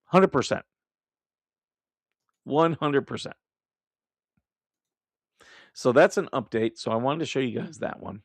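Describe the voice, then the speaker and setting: A man's voice: mid-range voice, animated, slow pace, creaky, pauses often, no room sound. Blunt, profane man hosting a live stream. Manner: laughs at his own remarks. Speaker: livestream host. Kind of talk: casual live commentary.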